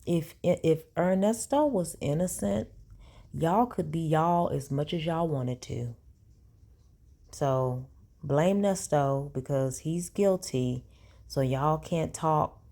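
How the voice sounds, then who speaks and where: Slow, low-voiced woman reading texts aloud. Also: gravelly, a little mellow. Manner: sassy, incredulous asides. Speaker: commentary vlogger. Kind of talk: reading text messages aloud with commentary.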